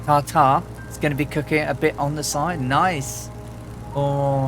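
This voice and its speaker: A man's voice: a little high, fairly even intonation, measured pace, music in the background. A man from England, chatting casually as a livestream host, rambling with lots of fillers and restarts. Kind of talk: casual chat.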